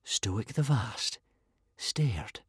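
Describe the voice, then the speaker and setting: A man narrating a children's storybook with a dry, lively comic delivery. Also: mid-range voice, drawn-out words, breathy edge, no room sound. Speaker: audiobook narrator. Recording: dry close studio read with faint music.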